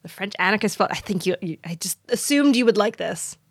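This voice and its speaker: A woman's voice: mid-range voice, lively intonation, fast, dry recording. A woman co-hosting a podcast, walking her partner through a story in a casual, explanatory way. She laughs easily between points. The recording is dry, with no room sound. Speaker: podcast host.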